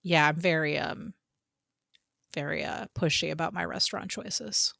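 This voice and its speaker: A woman co-hosting a casual podcast, chatty and excitable, swearing casually and jumping up in pitch when excited. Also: normal speed, vocal fry, no echo, studio quality. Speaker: podcast co-host. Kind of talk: casual chat.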